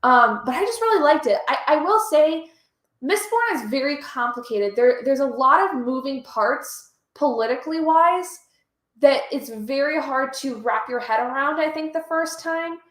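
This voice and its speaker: A woman's voice: high-pitched, animated, normal speed, fairly bright tone, reverberant. A woman hosting a reading stream, chatting casually and reading out chat messages, easily moved. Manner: chatty, emotional, reads chat aloud. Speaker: livestream host.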